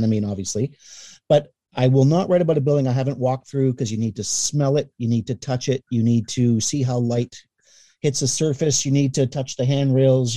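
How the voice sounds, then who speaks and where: Warm-toned chatty man telling radio stories. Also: mid-range voice, dry recording. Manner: animated anecdotes, acts out quoted voices. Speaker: guest, newspaper columnist and radio voice. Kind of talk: casual interview storytelling.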